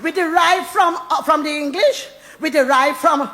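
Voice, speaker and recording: A poet and storyteller with a Jamaican accent talks lively and recites verse, playful and laughing often as she slips into Jamaican Patois. Her voice sits high at a moderate pace, with a crowd audible in a noisy background.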